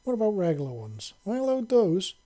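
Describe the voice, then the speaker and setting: A man's voice: sits high, huge pitch swings, fast, dark tone, pitched above the performer's own voice. A man reading aloud, voicing a cheeky young human man who jokes around and stammers when caught off guard. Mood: joking. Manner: joking, stammering.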